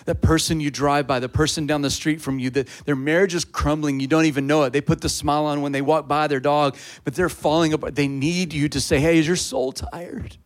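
A man preaching a sermon, telling a personal story in a casual, conversational way that builds to loud, fervent preaching. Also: a little high, steady tone, brisk, few pauses. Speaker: pastor.

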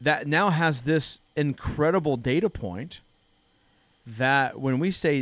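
A man's voice: fairly high pitch, slow, a bit bright, no room sound. A man in his thirties hosting a church podcast, telling a story in a casual, earnest way. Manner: earnest storytelling, frequent restarts. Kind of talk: casual chat.

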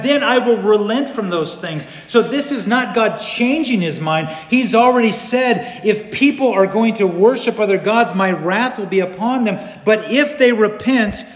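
A man preaching a sermon as pastor, animated, swinging between loud bursts and hushed passages. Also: high voice. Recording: echoey hall.

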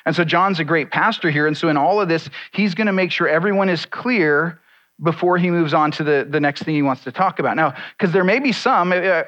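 A man preaching to his congregation in an easygoing, conversational way, with self-deprecating asides. His voice sits a bit high for a man. The recording sounds dull and lo-fi, as if the top end has been rolled off. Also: a bit bright. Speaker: pastor. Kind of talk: sermon.

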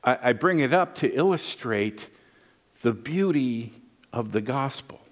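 A man's voice: medium pitch, animated, unhurried. A middle-aged male pastor preaching a sermon in a folksy, conversational way, telling stories and checking in with his listeners. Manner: folksy, conversational, with frequent "right?" asides. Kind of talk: sermon with storytelling.

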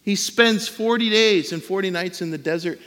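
Conversational pastor in a reverberant hall. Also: male voice, high voice, normal speed, a bit bright. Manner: conversational, acts out quoted voices. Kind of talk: sermon.

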